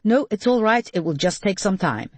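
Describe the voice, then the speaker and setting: A woman's voice: medium pitch, big pitch swings, normal speed, a little mellow, dry recording, pitched above the performer's own voice. A woman voicing a wry, good-humoured man.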